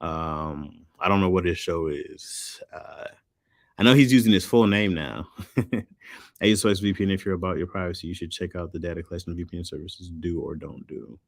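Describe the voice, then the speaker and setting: Low-voiced laid-back male streamer. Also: normal speed, no room sound. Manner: loose slangy talk, reads chat aloud. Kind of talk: casual livestream chat.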